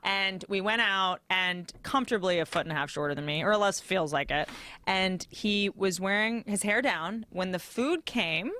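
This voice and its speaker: A woman's voice: medium pitch, normal speed, pushed and bright. A woman guest on a podcast, chatting casually and telling self-mocking stories with lots of laughter. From United States. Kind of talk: casual chat.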